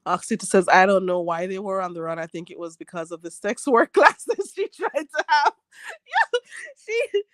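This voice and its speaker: A woman's voice: mid-range voice, big pitch swings, moderate pace, fairly bright tone, no room sound. Jamaican woman, livestream host, casual chat, frequent laughter, dry close sound. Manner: chatty, laughs often, repeats phrases for emphasis. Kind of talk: casual live chat reading viewer comments.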